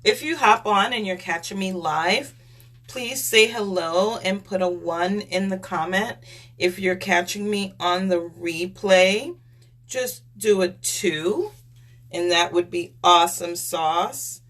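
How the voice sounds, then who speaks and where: A woman's voice: mid-range voice, slow, a bit bright. A woman chatting on a live stream, gushing as she shows makeup products and greets viewers by name.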